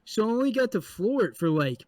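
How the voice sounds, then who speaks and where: A man co-hosting a podcast, telling a story in an animated, profane way and acting out the people in it. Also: sits high, brisk, dry recording. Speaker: podcast co-host. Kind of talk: casual storytelling chat.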